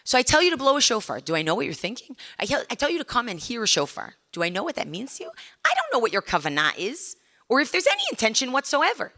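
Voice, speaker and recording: Animated woman lecturing a room. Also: on the high side, quick pace. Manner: conversational, asks the audience questions; animated, acts out little scenes. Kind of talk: academic lecture to a live audience.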